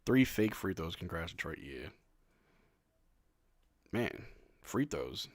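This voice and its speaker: A man hosting a casual live watch-along, calling plays excitedly at home and tossing in joking asides with lots of "bro.". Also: deep voice, slow. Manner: excitable play-by-play mixed with joking asides, says "bro" often. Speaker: live stream host.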